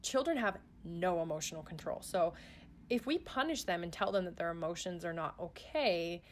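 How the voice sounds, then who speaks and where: A woman's voice: on the low side, normal speed. A woman who is a parent, talking in a casual, earnest way with many fillers and restarts. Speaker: parent guest on a podcast. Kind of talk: casual chat.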